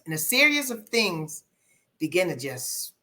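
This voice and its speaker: A middle-aged woman, a life coach guest on a podcast, telling her story candidly and reflectively, with many pauses and repeated phrases. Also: fairly low pitch, big pitch swings, pushed and bright.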